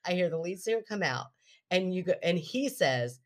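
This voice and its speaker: A woman co-hosting a casual chat, telling a story with lively energy and frequent laughter. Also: lowish voice, normal speed. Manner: animated, laughs often while telling stories.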